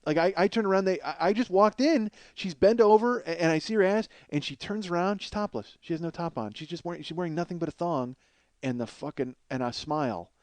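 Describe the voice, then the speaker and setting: A male comedian spins a profane, excitable story on his podcast. He laughs through it, and his voice sits fairly high. The sound is dry and close. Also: brisk, no echo. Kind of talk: comic storytelling monologue.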